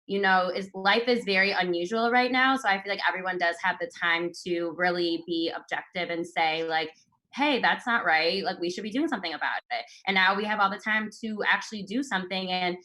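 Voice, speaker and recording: A woman's voice: on the low side, brisk, pushed and bright, low-quality recording. A woman panelist in casual chat, chatty with lots of fillers and laughter.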